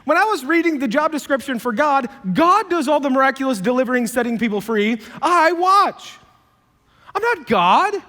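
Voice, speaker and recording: A man's voice: extremely high pitch, lively intonation, normal speed, sharp tone, big-room sound, voice pushed up, heavily acted. A man voicing old Moses as a folksy, reluctant old man who talks in incredulous protest.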